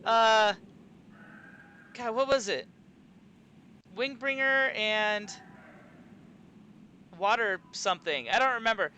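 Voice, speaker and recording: A woman streamer giving chatty, animated commentary while she plays a game live. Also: fairly high pitch, takes it slowly, long pauses, a little hiss or hum.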